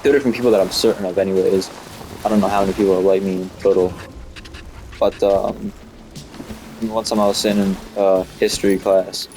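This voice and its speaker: A man's voice: low-pitched, flat delivery, a little fast, pauses often, a little mellow, a little hiss or hum. A young man in his late teens telling rambling, profane school stories in a casual way while playing a video game. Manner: rambling, profane, full of fillers like "you know" and "like". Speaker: student gamer talking while playing.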